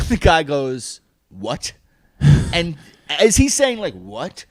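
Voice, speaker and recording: Man, podcast co-host, lively swooping voice, dry close sound. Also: a little high, slow pace, dry recording. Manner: animated, profane, acts out other people's lines. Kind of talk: casual storytelling chat.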